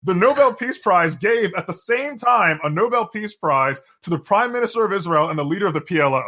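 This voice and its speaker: A man's voice: sits high, expressive, fairly quick, bright, forceful tone. A man co-hosting a podcast, chatting casually and sardonically about politics, rambling with frequent restarts. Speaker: podcast co-host.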